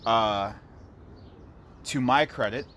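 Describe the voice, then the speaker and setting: A man's voice: medium pitch, slow pace, fairly bright tone, a little hiss or hum. A young man co-hosting a podcast, chatting loosely and laughing often. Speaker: podcast co-host. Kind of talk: casual chat.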